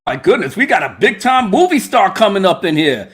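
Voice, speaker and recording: A man hosting a livestream panel chat, animated and laughing, acting out movie lines as he talks. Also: high-pitched, fairly quick. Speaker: livestream host.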